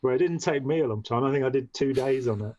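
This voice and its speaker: A fast-talking man with a medium-pitched, warm voice appears as a podcast guest and former movement member. He tells a long story in conversation, rambling, backtracking and repeating "you know." The audio is dull, dry and lo-fi, with a little hiss or hum.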